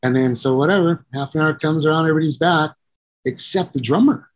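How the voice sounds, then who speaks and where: Here a middle-aged musician and producer talks fast in a slightly high voice. It's a casual storytelling interview: long, rambling, profane anecdotes, other people's voices acted out, and a constant "you know."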